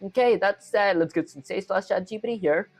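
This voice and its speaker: A man's voice: high-pitched, fairly quick, soft background music. A young man with an Indian accent live-streaming his coding, thinking aloud through each step and chatting with viewers.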